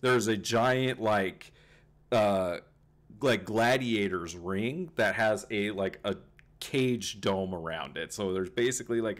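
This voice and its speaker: Slow, low-voiced male game master. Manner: rambling, filler-heavy narration. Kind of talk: narrating a tabletop game.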